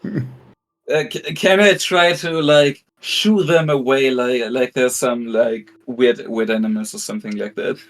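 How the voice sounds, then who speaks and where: A man's voice: medium pitch, a little slow, low-quality recording. A man playing a tabletop role-playing game, talking hesitantly with lots of "like" and restarts. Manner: hesitant, rambling, full of "like" and restarts. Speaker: player. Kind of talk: casual tabletop play.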